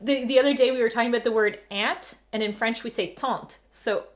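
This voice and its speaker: A woman from Canada hosting a casual family live stream, chatty and quick to laugh, with plenty of "like". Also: fairly high pitch. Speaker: host. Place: home during lockdown.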